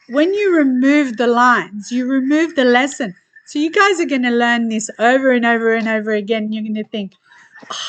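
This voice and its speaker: A woman's voice: a little high, fairly bright tone. A woman giving a casual astrology commentary to her viewers, chatty and teasing, laughing often between points. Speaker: astrology reader.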